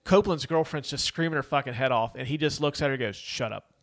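A man's voice: fairly high pitch, fast talker. Rambling man chatting about movies. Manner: rambling, many fillers, laughs often. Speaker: podcast co-host. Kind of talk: casual movie review chat.

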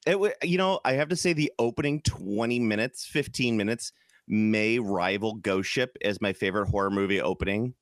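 A man's voice: lowish voice, a little fast, no echo, studio quality. A man from Chicago co-hosting a casual podcast chat, rambling with lots of restarts and fillers. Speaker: podcast co-host.

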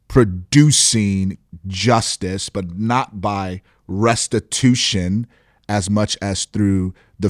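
Pastor co-host, man, low voice, dry close sound, thoughtful and reflective. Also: dry recording. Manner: reflective, thoughtful, speaks in abstract terms. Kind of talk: casual Bible discussion.

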